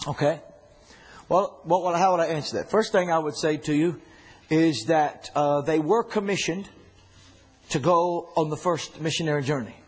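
A man teaching a Bible study in an animated, folksy way, often repeating himself. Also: a little high, moderate pace, breathy edge.

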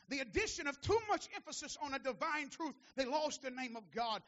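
A male pastor with a strikingly high voice delivers an impassioned sermon, swinging from steady teaching to loud fervent calls and back to quiet asides. He leans on repetition for emphasis. The recording is dull and lo-fi. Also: brisk, hardly any pauses. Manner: impassioned preaching, rising to shouts and dropping to quiet asides; repeats phrases for emphasis.

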